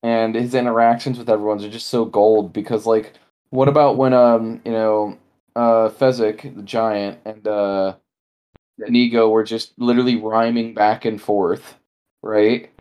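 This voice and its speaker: Podcast co-host, woman, low mellow voice, rambling casual movie chat. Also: measured pace. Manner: animated, rambling, acts out lines in high voices.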